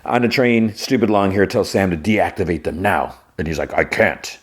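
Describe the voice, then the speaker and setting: A man's voice: low voice, lively intonation, normal speed, slightly rough. A man hosting a podcast, casually recapping an episode and thinking aloud as he retells the scenes. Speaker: podcast host.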